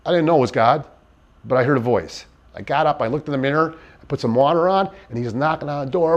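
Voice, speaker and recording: A man in an interview, giving personal testimony in a halting, earnest way with many restarts. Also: mid-range voice, lively intonation, highs cut off. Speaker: interviewee in a docuseries.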